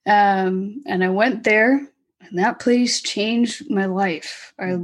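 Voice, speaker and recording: A young woman in her twenties tells her own story as an interview guest. She talks candidly and haltingly, with many fillers and restarts, at an ordinary middle pitch. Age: 20s.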